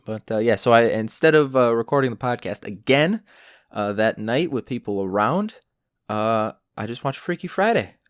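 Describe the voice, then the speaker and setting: A man's voice: mid-range voice, lively intonation, normal speed, no room sound. A young adult man hosting a solo podcast, telling stories in a profane, ranting way. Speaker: podcast host.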